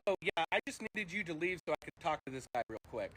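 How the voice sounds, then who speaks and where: A streamer reading out a brash, sarcastic teenage boy who calls out a gold digger, in a lively voice with lots of pitch movement. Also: fast, a little hiss or hum. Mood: cocky. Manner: cocky, sarcastic.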